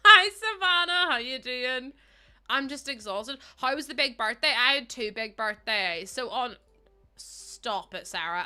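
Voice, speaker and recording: A woman's voice: mid-range voice, bright, forceful tone. A woman around thirty chatting casually with her viewers while she streams a game, laughing often and answering their messages. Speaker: livestreamer.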